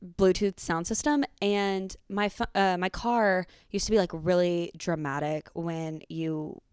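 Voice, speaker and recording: A woman, hosting a podcast and telling a profane, animated story in casual chat. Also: lowish voice, a little slow, clear, resonant tone, no echo, clean studio sound. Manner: animated, profane, acts out quotes. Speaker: podcast host.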